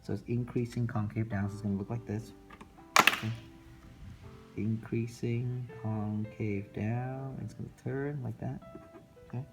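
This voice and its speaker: A man teaching a math lesson, calmly repeating each step while he sketches a graph. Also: medium pitch, creaky, over loud music. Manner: slow, repetitive, talking through steps while sketching. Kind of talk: classroom lecture recorded for students.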